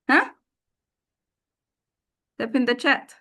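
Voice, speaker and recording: Woman, teacher trainer, slow unhurried delivery, drills words by repeating them, video call. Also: fairly low pitch. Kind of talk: online teacher training session.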